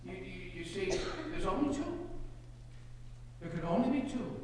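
A man preaching a sermon as a pastor, telling a parable with dramatic, loud punches on quoted lines. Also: high-pitched, animated, measured pace, a little hiss or hum. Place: church. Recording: echoey hall, mic at a distance.

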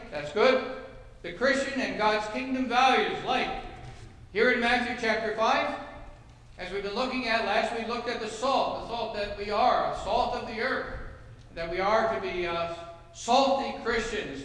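A pastor delivering a sermon in a high, light voice, earnest and folksy, pausing now and then to gather his words. He is heard in a large church sanctuary with a long, echoing reverb. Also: a bit bright. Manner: earnest preaching with folksy asides. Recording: echoey church hall.

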